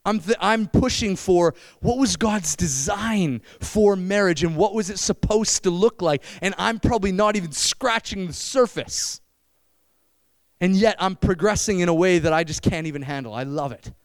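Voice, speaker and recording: High-voiced young man preaching a sermon. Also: normal speed, no echo. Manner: animated, addresses the congregation with questions.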